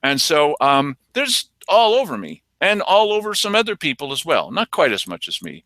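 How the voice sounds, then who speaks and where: A man hosts a local commentary show with a lot of movement in his voice, rising and falling as he talks. He mocks the people he quotes. His tone is bright and sharp, recorded dry and close. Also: fairly high pitch, wildly swooping pitch, moderate pace, few pauses, dry recording. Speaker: local news show host. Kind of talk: casual commentary on local politics.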